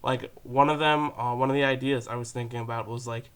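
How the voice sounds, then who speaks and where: A man's voice: medium pitch, fairly even intonation, a little fast, few pauses, a bit bright, clear, resonant tone. A teenage boy ranting casually to camera, rambling with lots of fillers and casual swearing. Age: teens. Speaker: vlogger.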